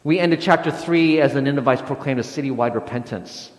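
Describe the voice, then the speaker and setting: A man's voice: mid-range voice, a little fast, reverberant, big-room sound. A man preaching a sermon as pastor, speaking hesitantly with frequent restarts and fillers, recorded in a church sanctuary.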